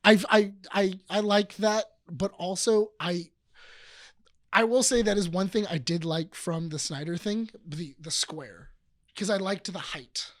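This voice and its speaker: A man's voice: high-pitched, unhurried, no room sound, clean studio sound. A man co-hosting a podcast in casual chat, rambling through anecdotes with restarts and quoted asides. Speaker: podcast co-host.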